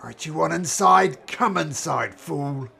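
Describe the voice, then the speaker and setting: A man voicing a gruff, pushy male dwarf barkeep who barks curt, loud commands. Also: a little high, lively intonation, a little slow, voice pushed up, full character voice. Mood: bossy.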